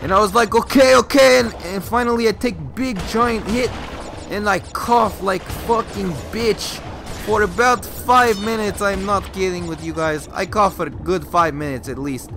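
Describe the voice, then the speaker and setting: High-pitched animated man telling a story. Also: moderate pace, over music. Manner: animated, profane, acts out quotes. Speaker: vlogger. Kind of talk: comic storytelling to camera.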